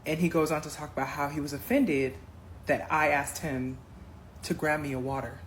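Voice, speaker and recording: A woman telling a dating story in a casual storytime, addressing viewers as y'all with animated emphasis. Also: sits low, normal speed, slight background noise, low-quality recording. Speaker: storyteller in a clip.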